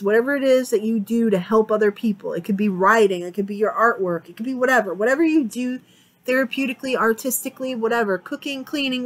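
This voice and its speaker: A woman's voice: medium pitch, poor audio. Chatty woman giving a tarot reading. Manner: chatty, rambling, repeats herself. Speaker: tarot reader. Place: home, sitting on a couch area with a fan on.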